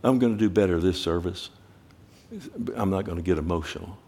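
A man's voice: low voice, brisk, darkish tone, breathy edge. A middle-aged male pastor preaching a sermon, telling stories with rising urgency and asking the congregation direct questions.

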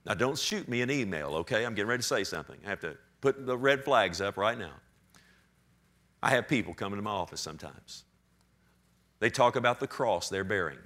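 A male pastor preaching a sermon with animated delivery, swinging from loud emphasis to a near-whisper and acting out short voices of people in his stories. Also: lowish voice, fairly quick.

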